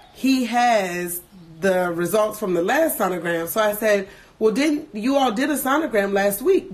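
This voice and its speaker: A woman in her thirties, emotional and earnest, candidly telling a personal story to her viewers with many pauses and restarts. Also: mid-range voice. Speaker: livestream host sharing a personal story.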